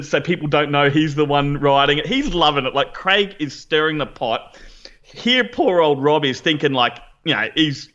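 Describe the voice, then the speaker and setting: Bright, quick-talking podcast co-host man. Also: fairly high pitch, lo-fi sound. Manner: enthusiastic, quick with restarts. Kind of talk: casual chat.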